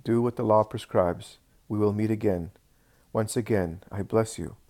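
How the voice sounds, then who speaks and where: A man doing a calm, solemn gentle master. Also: lowish voice, moderate pace, lightly acted. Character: gentle authoritative male spiritual master.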